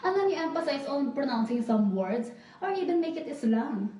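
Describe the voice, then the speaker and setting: A young woman with a Filipino accent playing a rich, ditzy Manila socialite girl in a comedic tutorial video, talking in a dramatic, high-maintenance drawl. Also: sing-song, normal speed, dark tone. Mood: gushing. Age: young adult. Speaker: online video persona. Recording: roomy sound played from far off.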